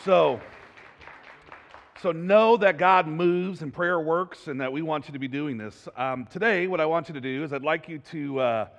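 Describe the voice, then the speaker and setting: A man preaching a sermon as pastor, in a conversational, animated way that builds to loud emphasis. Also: fairly high pitch, moderate pace, vocal fry, dull audio, some chatter behind. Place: church sanctuary. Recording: reverberant church hall.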